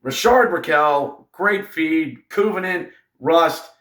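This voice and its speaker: A man giving a sarcastic fan recap of a hockey game, swinging into excited play-by-play. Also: on the high side, slow, echoey room.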